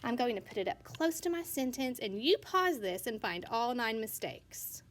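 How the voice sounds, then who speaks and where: Woman teacher talking slow to little kids, kinda high voice, mic a bit far off with faint hum. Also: big pitch swings. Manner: slow, patient, encouraging, asks questions and pauses. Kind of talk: recorded lesson for young children. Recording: distant mic, faint room noise.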